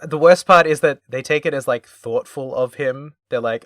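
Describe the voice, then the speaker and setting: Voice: mid-range voice, normal speed, a bit bright, dry recording. Co-host, dry studio sound, wry, teasing, voices quoted characters in passing. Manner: wry, playfully mocking, acts out quoted lines. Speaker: podcast co-host. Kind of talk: casual chat about a video game.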